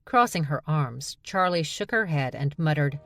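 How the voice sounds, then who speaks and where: A woman narrating an audiobook in a steady, even storytelling manner. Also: sits low, a little slow. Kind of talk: scripted narration.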